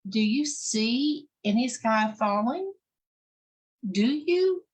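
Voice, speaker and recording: A woman's voice: mid-range voice, animated, slow. A woman voicing a skeptical, slightly eccentric male turkey in a storybook, asking pointed questions. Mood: doubtful.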